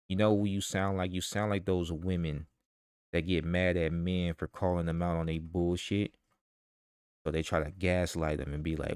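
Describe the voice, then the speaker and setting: A very low-voiced man, ranting in a vlog commentary. He talks in a heated, profane way and keeps firing rhetorical questions. The sound is dry and close, with no room echo. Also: fairly even intonation, normal speed, darkish tone, smooth. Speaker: vlogger.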